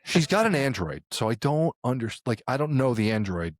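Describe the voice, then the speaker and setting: Animated man telling a story, lively pitch. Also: normal speed, no room sound, clean studio sound. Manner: animated, laughing, swings into quoted voices. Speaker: podcast co-host. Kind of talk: casual storytelling chat.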